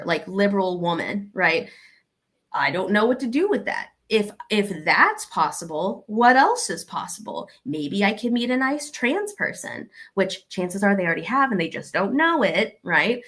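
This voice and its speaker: A young woman with a Southern American accent giving casual, animated advice and acting out the exchanges she describes. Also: medium pitch, a little slow. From Arkansas, USA. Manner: animated, acts out quoted exchanges.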